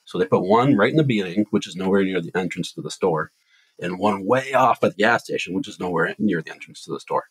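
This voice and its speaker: A man from Massachusetts hosting a podcast, telling a long story in animated casual chat. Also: low-pitched, fast, slightly rough, no room sound, rough recording. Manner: rambling animated storytelling with restarts.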